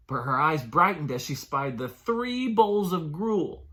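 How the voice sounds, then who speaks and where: Animated man reading to preschoolers. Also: fairly high pitch, unhurried, few pauses. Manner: animated, sing-song reading to small children. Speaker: children's librarian. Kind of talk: preschool story time reading.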